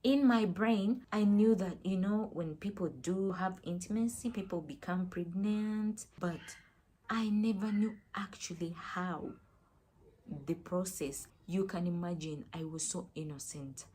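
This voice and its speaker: A woman's voice: on the low side, unhurried, warm tone, slight background noise. A young woman vlogger earnestly retelling a painful personal story, acting out quoted dialogue.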